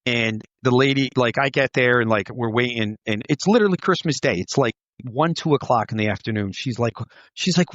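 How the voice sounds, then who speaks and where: A man's voice: mid-range voice, a little fast, a bit bright. A man tells his old police stories in a loose, rambling way, swearing freely and filling his sentences with "like" and "dude." The sound is dull and muffled, and the room is dry, with no echo. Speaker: former police officer. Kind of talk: casual storytelling chat.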